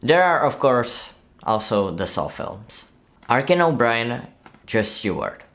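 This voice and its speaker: A man's voice: medium pitch, very animated, slow pace, fairly bright tone. A man narrating a movie breakdown video in a casual, chatty way, often asking viewers to comment and laughing at his own slips.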